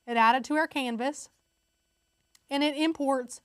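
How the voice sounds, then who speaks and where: A woman's voice: on the high side, steady tone, moderate pace, a bit bright, dry recording, clean studio sound. A woman hosting a casual step-by-step crafting tutorial, chatty and upbeat, talking straight to her viewers.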